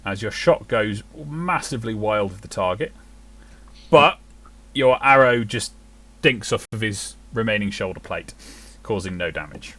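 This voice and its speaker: A man running a tabletop game as game master, narrating the action in a measured way. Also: lowish voice, expressive, sharp tone.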